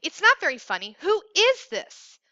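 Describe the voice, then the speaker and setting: A woman's voice: very animated, normal speed, pushed and bright, dry recording, full character voice. A woman reading the part of an anxious teenage boy on the phone, her voice climbing when he demands answers. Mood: angry. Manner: pitch jumps up sharply when he demands answers. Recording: dull lo-fi recording.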